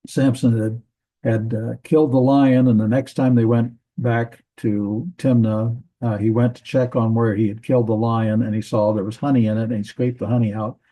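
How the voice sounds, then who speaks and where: A man teaching a grammar lesson from a Bible language textbook, methodical, repeating words and pausing with fillers. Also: medium pitch, flat delivery, dark tone, rough recording.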